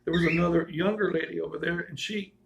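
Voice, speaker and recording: A man's voice: a little high, steady tone, fast talker, vocal fry, muffled recording. A man casually telling personal stories in a rambling way, restarting and correcting himself and chuckling as he goes.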